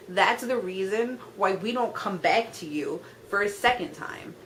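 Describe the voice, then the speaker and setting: A woman's voice: medium pitch, animated, measured pace, hardly any pauses, a bit bright, a little hiss or hum, poor audio. A young woman vlogging a blunt, profane rant, talking in an exasperated way and filling her sentences with "like". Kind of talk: ranting vlog monologue.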